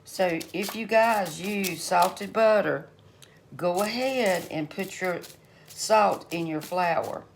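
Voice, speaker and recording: A middle-aged woman talks her viewers through a recipe in her home kitchen, calling them y'all in a relaxed, folksy way. Her voice sits a bit low and she speaks slowly. There is clear background noise in the recording. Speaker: home cooking channel host. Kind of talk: casual cooking vlog chat.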